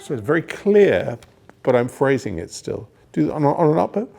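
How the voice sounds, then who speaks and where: Gravelly man coaching a cellist. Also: mid-range voice, big pitch swings, moderate pace, warm tone, soft background music. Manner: encouraging, sings phrases to demonstrate. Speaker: cello teacher. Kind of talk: masterclass coaching. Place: music school hall. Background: cello playing.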